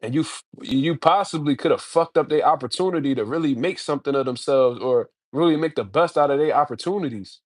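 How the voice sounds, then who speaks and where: Male solo commentator with a slightly high voice. Slangy, profane, heated. Dry close-mic sound. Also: fairly quick, hardly any pauses, dry recording. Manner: blunt, slangy, heated ranting. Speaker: boxing commentator.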